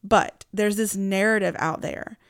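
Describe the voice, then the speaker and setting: Gravelly-voiced woman hosting a faith podcast. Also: medium pitch, steady tone, unhurried, dry recording, studio quality. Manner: earnest, reflective, conversational. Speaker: Christian podcast host. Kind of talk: casual devotional podcast talk.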